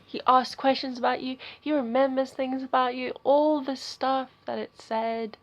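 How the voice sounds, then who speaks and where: A young woman vlogging, telling a story in a chatty, animated way that gets loud and giggly, with lots of "like" and "okay.". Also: high voice, moderate pace. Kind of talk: casual storytelling to camera.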